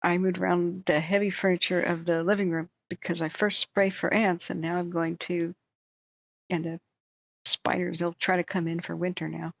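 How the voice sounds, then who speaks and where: Woman host of a home live stream, slightly sore voice, talky and emphatic, low pitch, muffled lo-fi mic. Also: level tone, moderate pace, creaky, no echo. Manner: chatty, emphatic, repeats words when starting sentences. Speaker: wildfire-tracking live streamer. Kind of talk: casual live-stream chat. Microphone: home streaming setup.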